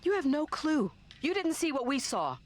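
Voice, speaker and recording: A blunt, agitated survivor. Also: female voice, sits high, sing-song, normal speed. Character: brash, blunt woman lost in a haunted town.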